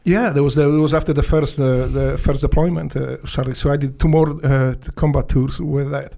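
A man from Poland with a Polish accent, a former Navy SEAL, telling stories bluntly and profanely in halting, broken English with many restarts. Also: mid-range voice, fairly even intonation, gravelly, dark tone. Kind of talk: casual storytelling interview.

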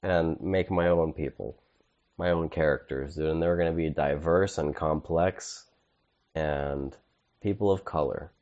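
Low-voiced dude cohosting a podcast, chill and jokey, kinda muffled lo-fi audio. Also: male voice, unhurried, darkish tone. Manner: laid-back, keeps saying dude. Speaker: podcast co-host. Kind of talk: casual comedic chat.

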